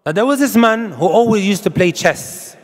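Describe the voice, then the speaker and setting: Emphatic high-voiced male preacher in a hall. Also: lively intonation, moderate pace. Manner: emphatic, rhetorical questions to the audience, quotes Arabic. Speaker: Islamic preacher. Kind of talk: sermon.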